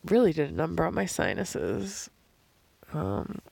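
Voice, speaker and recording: A hoarse woman thinking aloud in a slow, halting voice diary, recorded on a phone held above her face while she lies outdoors at night. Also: deep voice, very animated, a little mellow, no echo. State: hoarse from screaming and crying. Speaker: podcast host. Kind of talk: reflective solo voice diary. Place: outdoors in the desert at night, lying under blankets.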